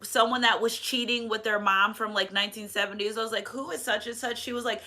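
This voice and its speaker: A woman's voice: on the high side, a little fast, hardly any pauses, bright, forceful tone. A woman in her thirties giving a casual spiritual reading as a medium, chatty and rambling, emotional, with many restarts and asides. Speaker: tarot reader and medium.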